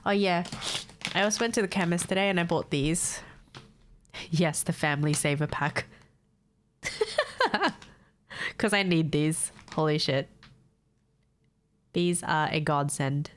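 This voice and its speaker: A woman's voice: sits low, lively intonation, slow pace, long pauses. Stuffy-nosed young woman chatting on stream. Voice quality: nasal, congested. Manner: chatty, swears casually, laughs often. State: stuffed-up nose from a cold. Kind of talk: casual chat with viewers.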